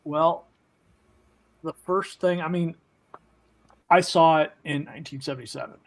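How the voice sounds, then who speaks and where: Halting man in his fifties reminiscing. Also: a little high, steady tone, low-quality recording. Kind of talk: casual chat.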